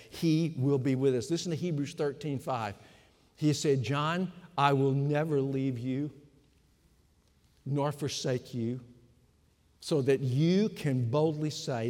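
A man preaching a sermon slowly and with emphasis, pausing often between phrases. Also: medium pitch, darkish tone. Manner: slow, emphatic preaching with pauses. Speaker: pastor. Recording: long hall reverb.

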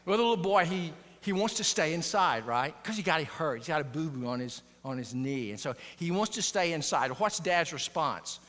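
A man's voice: on the high side, lively intonation, moderate pace, hardly any pauses, a bit bright. A male pastor giving an earnest sermon, telling stories and restating his points with emphasis, in a large church hall. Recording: long reverb of a large hall.

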